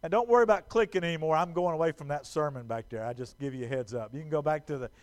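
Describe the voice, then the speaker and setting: A man preaching a sermon in a church, animated and stumbling over repeated words as he acts out quotes. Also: on the high side, rapid-fire. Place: church sanctuary.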